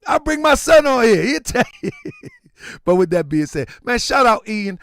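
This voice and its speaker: Lively, high-pitched male livestream host. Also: normal speed. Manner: animated, preachy, shouting at times. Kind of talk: casual livestream talk.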